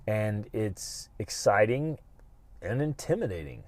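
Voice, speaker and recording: A middle-aged man hosting a podcast, giving an animated, emphatic motivational talk and acting out his own inner voice. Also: on the low side, takes it slowly, dry recording. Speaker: podcast host.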